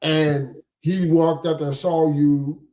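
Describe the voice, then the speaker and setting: A man's voice: fairly high pitch, steady tone, slow, warm tone, roomy sound, faint music behind. A man hosting a live talk stream, insistently breaking down a caller's argument point by point. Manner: insistent, keeps cutting in to walk points through. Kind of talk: casual debate talk show.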